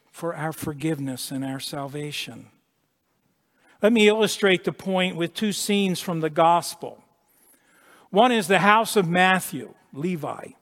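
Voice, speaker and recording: A man preaching a sermon with emphasis, repeating words and dropping to a hush at key points. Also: high-pitched. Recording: long echo of a large hall.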